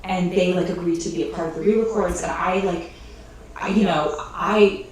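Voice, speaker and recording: Distant, echoey low-voiced woman. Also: fairly even intonation, moderate pace, a little mellow. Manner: rambling with fillers and restarts, laughing through tears. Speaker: interview guest. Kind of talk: emotional storytelling in an interview. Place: clip replayed in a room during a livestream. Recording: echoey, distant playback with faint noise.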